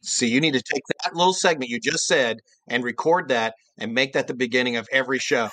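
A man's voice: mid-range voice, fairly quick, dry recording. A middle-aged man, a voice actor, chatting casually on a podcast and acting out lines in character voices. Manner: animated, acts out quotes in character voices. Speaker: voice actor guest.

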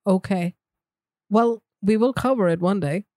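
A woman co-hosting a podcast, chatting about a movie in a calm, agreeable, measured way. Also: medium pitch. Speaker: podcast co-host. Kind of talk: casual movie chat.

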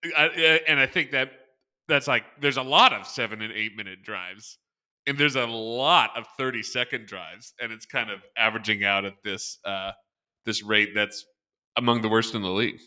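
A man co-hosting a casual sports podcast, thinking aloud in halting, restarting sentences. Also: on the low side, bright, forceful tone. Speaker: podcast co-host.

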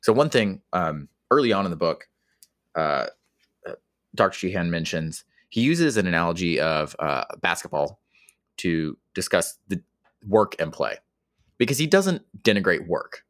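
A man's voice: low-pitched, big pitch swings, measured pace, fairly bright tone, no room sound, studio quality. A man co-hosting a podcast, laying out his points in order in a thoughtful way. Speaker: podcast co-host. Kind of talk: casual discussion.

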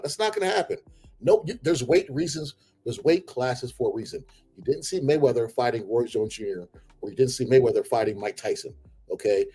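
A husky-voiced man talks combat sports in a loose, opinionated way. He builds into heated, animated rants. Faint music sits under his voice. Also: medium pitch, brisk. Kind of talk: casual sports talk.

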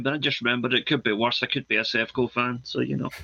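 Bright-voiced man talking football on a podcast. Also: mid-range voice, fairly quick, no echo, dull audio. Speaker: podcast co-host, football pundit. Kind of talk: casual podcast chat.

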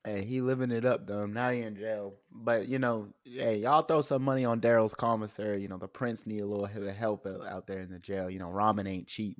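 A man's voice: on the low side, fairly even intonation, brisk, hardly any pauses, no room sound. Male podcast co-host, laid-back and joking, dry close sound. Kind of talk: casual chat.

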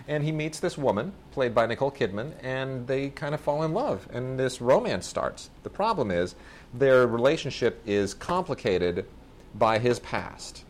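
In this casual film review chat, the podcast host speaks at medium pitch with a little hiss or hum in the background. He's enthusiastic and often begins his sentences over again.

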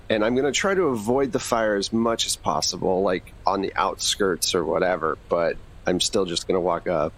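A man talking casually as a player in a tabletop role-playing game, thinking out loud about his plans. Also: deep voice, normal speed, poor audio.

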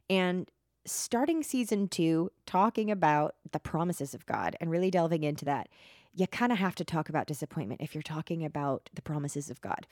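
A woman's voice: on the low side, darkish tone, dry recording, studio quality. A woman hosting a faith podcast in a casual monologue, quirky, playful and chatty. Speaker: podcast host.

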